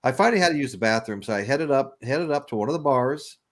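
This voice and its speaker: A man's voice: mid-range voice, animated, fast. Rambling man telling a story. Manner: rambling, with repeated restarts and laughs. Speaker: podcast host. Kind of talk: casual storytelling chat.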